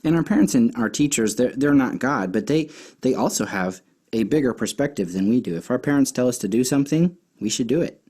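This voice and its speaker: Male children's Bible teacher, mellow voice, chatty and rambling with fillers, casual storytelling delivery. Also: medium pitch, lively intonation, fairly quick, breathy edge. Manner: chatty, with many fillers and restarts.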